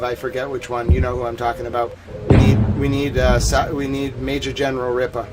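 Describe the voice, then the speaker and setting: A man's voice: medium pitch, little pitch movement, a little fast, noisy background. A man from Massachusetts with a local accent, hosting a livestream and chatting casually in a rambling way with constant "like" fillers. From Massachusetts, USA. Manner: rambling, heavy use of "like" fillers. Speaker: livestream host.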